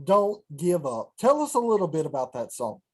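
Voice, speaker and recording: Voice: medium pitch, sing-song, normal speed, husky. An interviewer on a ministry broadcast asking short questions to prompt a guest.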